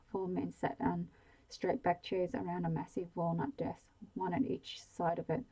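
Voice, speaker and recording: Bedtime ASMR reader, woman: low, husky, flat delivery, slow and hushed. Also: poor audio. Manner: slow, hushed reading of a novel. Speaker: storyteller. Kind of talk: soft-spoken ASMR bedtime reading.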